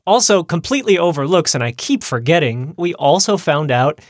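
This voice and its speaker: A man's voice: a little high, lively intonation, brisk, dry recording. Dry-witted man, short wry asides. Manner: brief agreeing replies, laughs often, dry asides. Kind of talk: casual political chat.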